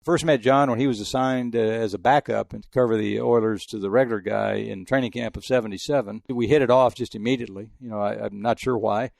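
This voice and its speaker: A man's voice: fairly low pitch, steady tone, quick pace, vocal fry, hardly any pauses, darkish tone, no room sound, clean studio sound. An older man from El Paso, a veteran sportswriter telling rambling stories in a casual interview. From El Paso, Texas. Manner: rambling anecdotes with frequent restarts. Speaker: guest sportswriter.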